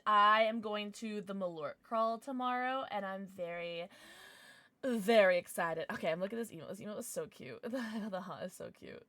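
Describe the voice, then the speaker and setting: A woman's voice: medium pitch, moderate pace, fairly bright tone, no room sound. A woman hosting a casual livestream, bubbly and chatty as she greets her viewers by name and blows them kisses. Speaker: livestream host.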